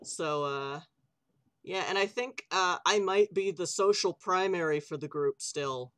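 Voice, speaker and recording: A player chatting casually in a laid-back, halting way. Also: mid-range voice, a bit bright. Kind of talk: casual chat.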